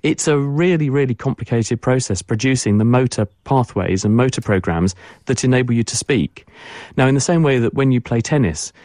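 A man's voice: medium pitch, a little mellow, dry recording, clean studio sound. A man, a science expert guest on a radio show, explaining fluently and repeating words for emphasis.

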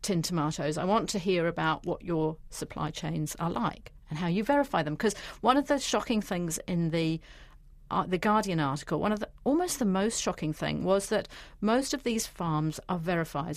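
A woman's voice: on the low side, lively intonation, moderate pace, no room sound. A woman journalist, talking animatedly in a radio interview. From New Zealand.

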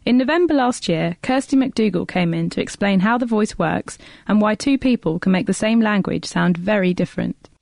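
A woman reads the show's scripted links crisply, her voice carrying a strong gravelly fry. The sound is dry and close, straight from the studio mic. She sounds like a host moving the programme along. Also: medium pitch, moderate pace, darkish tone, no room sound. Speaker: radio show host. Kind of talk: scripted presenting.

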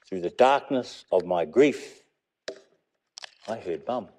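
New Zealand man in his fifties, dark mellow tone, unhurried reflective memoir reader. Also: medium pitch. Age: 50s. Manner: measured and reflective, weaving in Māori phrases. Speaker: memoir narrator.

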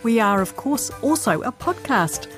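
A woman's voice: on the high side, expressive, a little slow, a bit bright, soft background music. A woman co-hosting a science podcast, asking curious questions in a friendly tone. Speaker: podcast co-host. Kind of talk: casual science chat.

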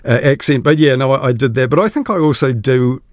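A man's voice: mid-range voice, a little fast, dry recording, clean studio sound. A man talking casually as a media commentator on a radio show, rambling a little with fillers and restarts. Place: radio studio. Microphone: studio mic.

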